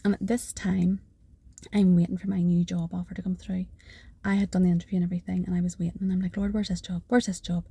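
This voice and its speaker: Husky, breathy woman. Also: lowish voice, little pitch movement, fast talker, dark tone, no echo. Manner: breathy, half-whispered, earnest delivery. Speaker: person giving a faith testimony. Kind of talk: personal testimony storytelling.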